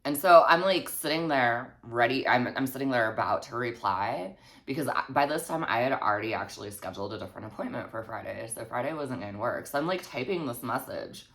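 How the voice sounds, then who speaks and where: A woman with a strikingly deep, low voice tells a storytime vlog. Her delivery is snarky and full of swearing, and her pitch swings up and down a lot as she talks. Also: animated, a little fast, a bit bright. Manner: snarky and heavily profane. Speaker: vlogger.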